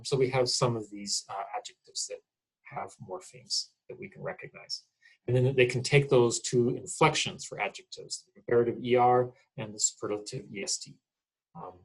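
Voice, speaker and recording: A man's voice: mid-range voice, husky, poor audio. A middle-aged man, a college English instructor, explains grammar in a casual recorded lecture, often checking in with "okay?".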